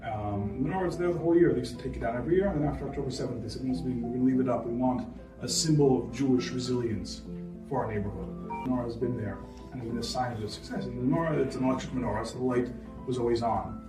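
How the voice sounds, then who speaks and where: A man's voice: mid-range voice, very fast. A man giving an earnest storytelling speech at a party, with many fillers. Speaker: speaker at a holiday party. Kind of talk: inspirational speech. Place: party venue. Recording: echoey room from far off, music behind.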